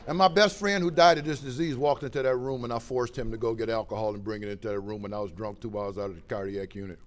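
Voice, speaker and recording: A man's voice: fairly low pitch, steady tone, fast, few pauses, a faint crowd, a little hiss or hum. Folksy man telling his story. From Ohio. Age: middle-aged. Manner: folksy, plain-spoken storyteller with swings from loud to quiet. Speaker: recovery speaker. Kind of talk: personal testimony talk.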